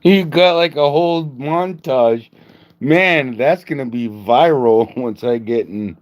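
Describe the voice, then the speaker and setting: A man's voice: medium pitch, slow. A man hosting a livestream, rambling in a joking, casual way, laughing often and swearing. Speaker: livestream host. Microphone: phone.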